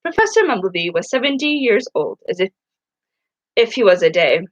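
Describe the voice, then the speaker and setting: Woman reader, mid-pitched, casual storybook narration with slips and restarts, dry close mic. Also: big pitch swings, moderate pace, no room sound, lo-fi sound. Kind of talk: reading a novel aloud.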